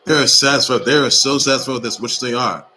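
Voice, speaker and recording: A man with a bright, forceful voice runs through the day's sports news in a loose, unscripted way. He circles back on his own phrases and pushes hard on his points with emphatic exhortations. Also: medium pitch, a little fast, low-quality recording. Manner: rambling and repetitive, with emphatic exhortations. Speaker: sports report host. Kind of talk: casual sports news commentary.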